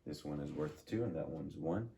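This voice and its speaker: A man's voice: rumbling low, vocal fry, dark tone, a little hiss or hum. A man teaching a music lesson, patiently drilling rhythms and asking questions. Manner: slow, patient, repeats and drills words.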